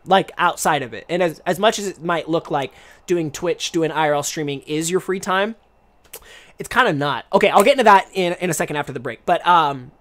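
Young male podcast host, loose rambling delivery, pitch a touch high. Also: a bit bright. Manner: rambling, chatty, frequent restarts. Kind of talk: casual live-stream podcast chat.

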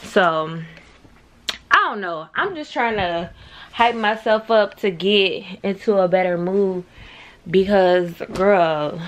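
A young woman talks straight to her camera at home, loose and unfiltered. She is chatty and blunt, swears a lot and leans on slang. Her voice sits at an ordinary middle pitch. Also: takes it slowly, slight background noise. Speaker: vlogger. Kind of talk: casual chat to camera. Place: at home, just out of bed.

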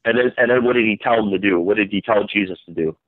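A man's voice: fairly low pitch, fast talker, no echo. A man hosting a call-in Bible study, questioning listeners and prompting them for answers. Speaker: host leading a Bible study. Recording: dull, dry lo-fi sound.

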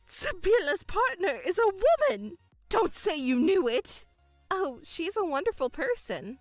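A domineering middle-aged mother, pompous and loud, her voice pitched high and pushing forward in a dramatized story reading, as a woman puts her on. The delivery is dry and close, with faint music underneath. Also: no room sound. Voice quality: loud and overbearing.

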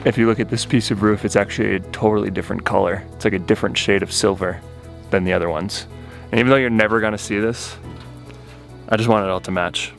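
A man's voice: fairly low pitch, steady tone, fast talker, creaky, faint music behind. A man casually narrating his building work on a farm, easygoing and teasing. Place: building site under a metal roof, rain outside.

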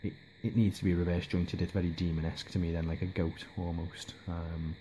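Male vlogger, mellow and low, hesitant, casual rambling delivery. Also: flat delivery, fairly quick, a little hiss or hum. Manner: hesitant, lots of ums and restarts. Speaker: miniature hobby vlogger.

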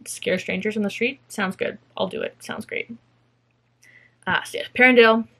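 This fiber craft podcaster is a young woman talking to camera about her spinning and felting projects. Her mid-range voice sounds pushed and bright at a normal speed. She rambles, mocks herself, and now and then slips into silly voices.

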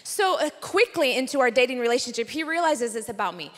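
A young woman with a high voice preaches to a conference crowd, spinning a personal story in a playful, chatty way with quick asides. Her voice rings out through a big hall with a long reverb tail. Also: animated, a bit bright. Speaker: conference speaker. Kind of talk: sermon.

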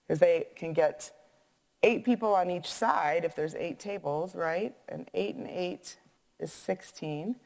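A woman teacher reading a picture book aloud and pausing to count and ask math questions in an echoey room. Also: on the low side, gravelly.

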